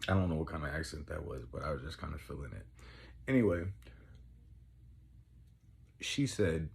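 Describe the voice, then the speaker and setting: A young man telling rambling, profane stories in casual chat, getting excitable as he goes. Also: rumbling low, moderate pace, vocal fry, pauses often. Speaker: podcast host. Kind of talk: casual storytelling.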